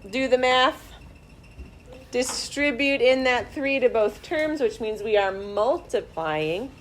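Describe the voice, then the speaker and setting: A woman teaching math to a classroom, her voice sitting a little high. She talks students through each problem slowly and deliberately, step by step. A faint hum of noise runs underneath. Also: animated. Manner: slow, deliberate step-by-step explaining. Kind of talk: classroom instruction.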